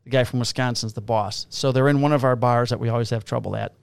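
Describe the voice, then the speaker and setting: A man's voice: medium pitch, fairly even intonation, fast, vocal fry, smooth, dry recording. A man, a police officer, casually telling profane, laughing stories about his shifts. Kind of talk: casual storytelling on a podcast.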